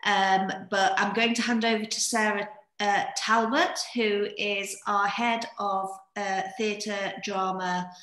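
Brief: woman event host, practical and brisk, mid-pitched, echoey call audio. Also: fairly bright tone. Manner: practical, brisk organizing talk. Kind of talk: hosting announcements.

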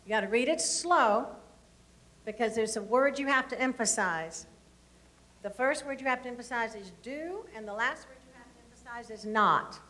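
A high-pitched woman leads a school seminar, asking the children questions and coaxing answers out of them. Her delivery is encouraging and patient, typical of a presenter talking to a room of young students. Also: moderate pace, bright, forceful tone.

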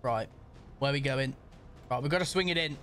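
A young man commentating excitedly on a football video game, often shouting at the referee. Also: medium pitch, fairly quick, faint music behind. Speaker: gamer.

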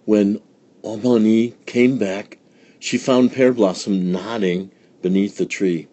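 Slow, husky-voiced male storyteller. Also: on the low side, steady tone, mellow. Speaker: storybook reader. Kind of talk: read-aloud story narration for children.

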